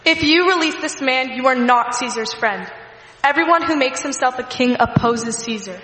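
A man reading scripture voices an angry man in a hostile crowd, shouting demands. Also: extremely high pitch, moderate pace, voice pushed up. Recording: echoey hall, long reverb.

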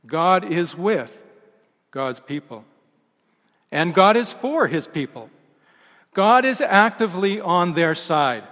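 A male pastor delivering a sermon in a measured, emphatic way, letting each phrase sink at its close. His voice sits a touch high for a man. It rings out with a long reverb through a large church hall. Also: very animated, a bit bright. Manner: measured, emphatic delivery with falling line endings.

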